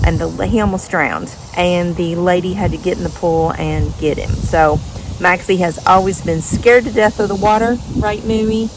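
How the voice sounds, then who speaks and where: A woman's voice: mid-range voice, background noise. Chatty woman outdoors. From Western Kentucky. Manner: chatty, talks to her dogs in a sing-song voice. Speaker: vlogger. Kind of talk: casual chat to camera. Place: outdoors at home.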